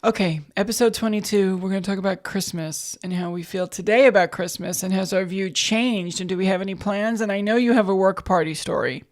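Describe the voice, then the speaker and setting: A woman's voice: mid-range voice, brisk, hardly any pauses. A woman co-hosting a casual podcast chat, joking and self-mocking. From United States. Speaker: podcast co-host.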